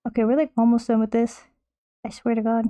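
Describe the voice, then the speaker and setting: A young woman in a casual stream, chatting away to her chat while she doodles. Her voice sits fairly high but sounds soft and mellow, and she rambles along playfully, restarting her sentences as she goes. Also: flat delivery, brisk.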